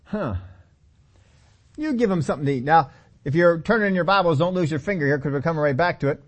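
A man's voice: a little high, lively intonation, fast talker. A man preaching a sermon, telling the story with humor, acting out the characters and asking the audience questions. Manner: laughs often and asks the audience questions.

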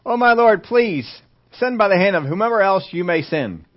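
A preacher putting on an anxious, reluctant man who pleads with his god, voice raised high and straining as he begs to be let off. He sounds flustered and worried. The recording is dull and lo-fi. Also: a little fast. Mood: pleading.

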